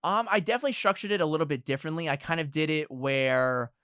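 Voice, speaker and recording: Brief: quick, clear-voiced young male guest, hedging rambler, dry close-miked sound. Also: fairly high pitch, fairly bright tone, no echo. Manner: hedging, rambling, many kinda and like fillers. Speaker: podcast guest. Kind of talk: casual podcast chat.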